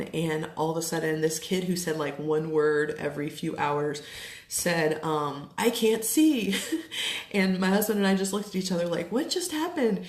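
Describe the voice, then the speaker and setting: A woman's voice: fairly low pitch, vocal fry. A woman in her thirties chatting casually to camera at home, full of fillers and likes, getting emotional at times. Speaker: essential oils seller. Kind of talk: casual live chat to camera. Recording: echoey room.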